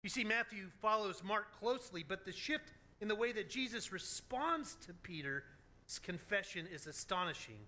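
A man preaching a sermon as a pastor, telling stories in an animated, joking way. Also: high-pitched, moderate pace.

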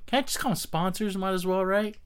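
A man hosting his own podcast, talking in a chatty, self-deprecating way with sudden animated bursts. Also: high voice, fairly quick, clean tone. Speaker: podcast host. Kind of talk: casual podcast intro. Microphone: XLR studio mic.

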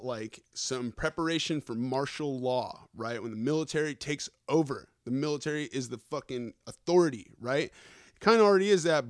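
A man's voice: fairly high pitch, dry recording, studio quality. A man hosting a podcast, ranting through the news in slangy, profane casual talk and tacking "right?" onto his points. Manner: slangy, keeps adding "right?" and "okay?". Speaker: podcast host.

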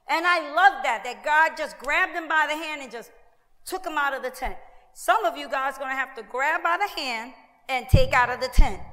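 A woman pastor preaching a lively sermon, acting out quoted voices with asides to the congregation. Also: high-pitched, big-room sound.

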